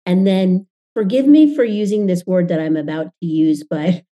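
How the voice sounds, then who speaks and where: A woman's voice: fairly low pitch, moderate pace, mellow. A woman hosting an interview podcast, introducing her guest and asking questions in an enthusiastic, friendly way. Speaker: podcast host.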